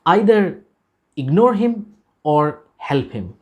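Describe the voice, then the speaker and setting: A man lecturing on a poem, deliberate and emphatic, repeating key phrases and pausing often with "uh". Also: sits high, sing-song, highs cut off. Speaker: literature lecturer. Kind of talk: recorded lecture explaining a poem.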